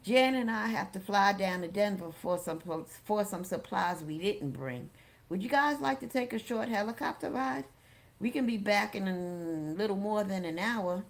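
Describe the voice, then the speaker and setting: A woman voicing a friendly adult man, a vendor and father, speaking politely and quickly in an audiobook reading. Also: medium pitch, expressive, gravelly.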